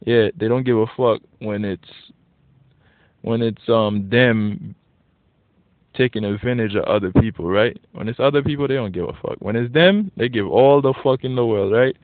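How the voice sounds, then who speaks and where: Here a male vlogger with a mid-range voice and normal speed goes off in a casual ranting monologue. He's blunt and profane and gets animated when worked up, and the audio is dry and thin, like a tinny phone recording.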